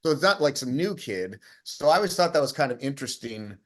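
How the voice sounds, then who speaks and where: A man's voice: medium pitch, sing-song, fast talker, fairly bright tone. A man co-hosting a casual chat, telling stories in a rambling way with many restarts. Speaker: co-host.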